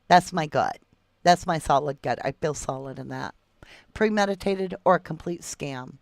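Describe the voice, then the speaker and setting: Low gravelly woman chatting. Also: normal speed, no echo. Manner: chatty, calls viewers love and sweetheart. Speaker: true crime livestream host. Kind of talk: casual livestream chat reading viewer comments.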